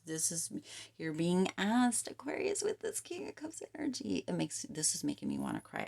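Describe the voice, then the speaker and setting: Low gravelly woman giving a tarot reading. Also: wildly swooping pitch, moderate pace, a little mellow. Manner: emphatic, repetitive coaching talk. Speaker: tarot reader.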